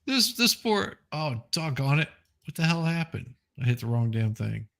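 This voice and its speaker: A man's voice: on the high side, sing-song, normal speed, gravelly, fairly bright tone. A man hosting a casual reaction stream, chatting and joking as he reacts aloud. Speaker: streamer host.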